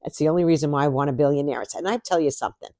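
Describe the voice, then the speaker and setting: A woman's voice: low voice, rapid-fire, warm tone, no echo, studio quality. A woman vlogger talking casually to camera, chatty and sarcastic, laughing often.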